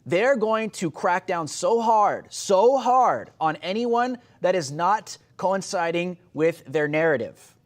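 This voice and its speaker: A young man hosts political commentary in a heated, emphatic way. His voice sits a little high and jumps to loud, sarcastic bursts as he presses his points. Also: lively intonation, slow pace, hardly any pauses.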